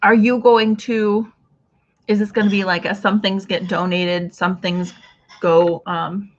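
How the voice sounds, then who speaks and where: A woman hosts a relaxed craft livestream in a middle-pitched voice. She rambles warmly through viewer comments, restarting her thoughts as she goes. The recording is muffled and lo-fi. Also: a little slow. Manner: chatty, reads out viewer comments, trails off and restarts. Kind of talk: casual livestream chat with viewers.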